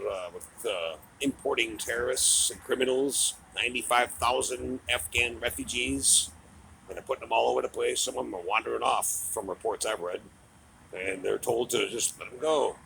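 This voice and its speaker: A middle-aged man vents in a heated, profane monologue, his voice thick with gravelly fry. He sits at an ordinary middle pitch, scornful and mocking. A faint background noise hangs under the recording. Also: sharp tone, rough recording. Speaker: political commentator. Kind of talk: angry political rant.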